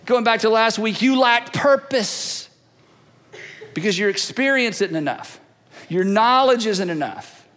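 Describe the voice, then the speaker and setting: A male pastor giving an animated, conversational sermon that swings between loud bursts and hushed asides. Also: sits high, measured pace, in a large hall.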